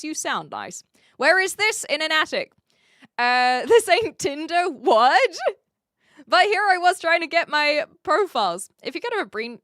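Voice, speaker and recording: A woman from New Zealand livestreaming from an attic, chatting casually as she reads and answers her live chat, self-mocking and quick to laugh. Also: mid-range voice, pushed and bright, no echo, clean studio sound. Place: attic room.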